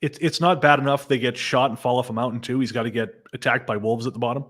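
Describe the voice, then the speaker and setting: A man guesting on a casual movie review podcast, cracking dry, deadpan jokes. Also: mid-range voice, fast talker.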